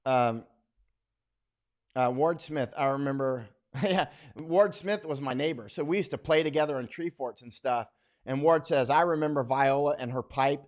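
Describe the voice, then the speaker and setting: A war correspondent hosts a casual livestream, reading viewer comments and wandering off into stories. He talks at a measured pace and a middling pitch, folksy and blunt, with lots of asides and restarts.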